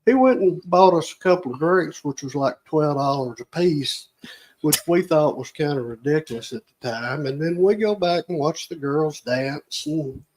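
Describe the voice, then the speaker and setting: A man's voice: fairly high pitch, normal speed, a little mellow, rough recording. A man, telling a rambling, folksy story as a guest on a radio show. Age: 50s. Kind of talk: storytelling in casual radio chat. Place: radio studio on location.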